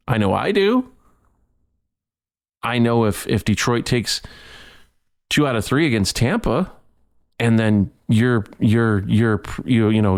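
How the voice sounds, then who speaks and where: A male sports podcast host rants on his own show in a heated, indignant tone. His voice sits at an ordinary middle pitch, and he often repeats and stumbles over words as he builds his argument. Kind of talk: ranting solo sports podcast.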